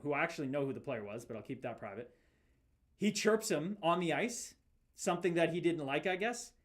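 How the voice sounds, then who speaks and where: A man in his thirties, a former fighter from Canada, hosting a livestream. He reads chat aloud and talks emphatically, repeating himself like a preacher. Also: high-pitched. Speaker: podcast host reading live chat. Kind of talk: livestream talk.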